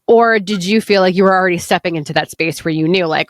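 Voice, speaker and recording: Woman, host, somewhat low voice, dry close recording, reflective and hesitant. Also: quick pace, no room sound. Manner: reflective, hesitant, lots of fillers. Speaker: podcast host. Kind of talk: interview questions, casual chat.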